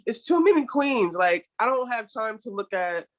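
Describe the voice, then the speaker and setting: A man from New Jersey, a guest in a casual chat, breezy and quick to laugh. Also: extremely high pitch, sing-song, a bit bright. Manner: breezy, laughs often, says "you know what I mean".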